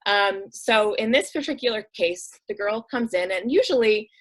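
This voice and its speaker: On a low-quality recording, a woman talks at a moderate pace in a medium-pitched, fairly bright voice. The director of a nonprofit, she's a guest on an interview show, recounting heartfelt stories with earnest, chatty storytelling full of "um" and "like," and she voices the people she quotes.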